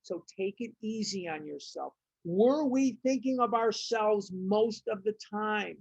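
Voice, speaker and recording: A woman's voice: medium pitch, unhurried, vocal fry, breathy edge, no echo. A woman leading a recovery study group, reading passages aloud and commenting on them with emphatic, repeated phrases. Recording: dull, muffled audio.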